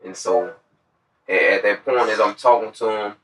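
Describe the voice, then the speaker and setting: A young man in his twenties spins a lively story in a bright, forceful voice. He acts out the voices of the people in it. He sits a way off from the microphone. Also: fairly low pitch, normal speed, a little hiss or hum. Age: 20s. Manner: animated storyteller who acts out quoted voices. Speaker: former inmate telling his story. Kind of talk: casual chat. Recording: distant from the mic.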